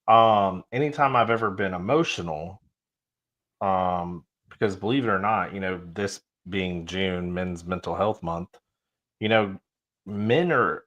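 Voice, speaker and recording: Low-voiced man chatting casually. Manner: relaxed, conversational, with frequent fillers and clears his throat. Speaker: podcast co-host. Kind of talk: casual chat.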